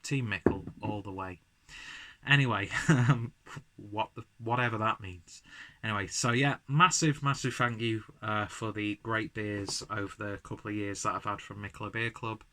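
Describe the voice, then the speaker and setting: A man's voice: fairly low pitch, steady tone, normal speed, sharp tone. A man reviewing a beer at home in a casual vlog, rambling and self-deprecating, slightly buzzed from drinking. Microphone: camera mic, framed from chest up.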